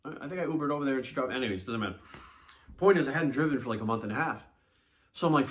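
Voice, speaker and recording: A man who talks quickly. He is a fitness coach telling a personal story straight to his viewers. He is blunt and animated, and he swears freely. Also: medium pitch. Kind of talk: casual monologue to camera.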